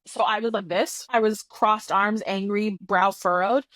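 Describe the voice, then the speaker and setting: A woman co-hosting a casual podcast chat, talking in an animated, exasperated way and swearing often. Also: medium pitch, measured pace, no room sound. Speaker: podcast co-host.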